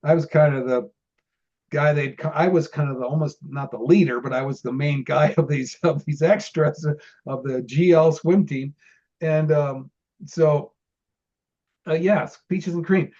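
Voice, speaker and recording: A man's voice: on the high side, fairly even intonation, a little slow, mellow, lo-fi sound. Rambling man telling old film-set stories. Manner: rambling, many restarts, laughs while telling. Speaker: interview guest, former film extra. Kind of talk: casual storytelling interview.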